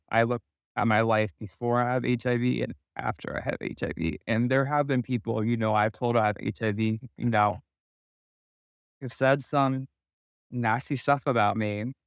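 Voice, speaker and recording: A young man, a guest, recounting a painful personal story in a halting way with many pauses. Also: fairly low pitch, smooth, no room sound, studio quality.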